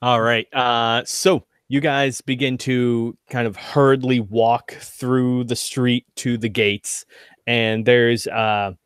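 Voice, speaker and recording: A man running a tabletop role-playing game as game master, narrating in a relaxed way with lots of fillers. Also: mid-range voice, slow, clean tone, dry recording, clean studio sound. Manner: relaxed, filler-heavy narration with frequent laughs.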